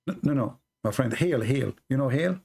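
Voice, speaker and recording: A man's voice: medium pitch, expressive, fairly quick, gravelly, warm tone, slightly rough. A man hosting a heated debate, pressing and mocking his opponent with sarcasm. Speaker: debate show host.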